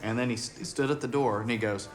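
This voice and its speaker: A musician being interviewed talks fast in a medium-pitched voice. He tells stories casually and with animation, imitating the voices of people he met along the way.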